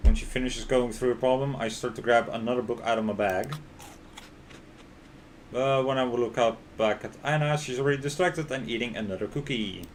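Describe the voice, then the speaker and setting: A man's voice: mid-range voice, steady tone, brisk, slight background noise. A man streaming a game, reading its story aloud in narration and reacting with laughs and panicky outbursts. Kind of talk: reading a visual novel aloud while playing.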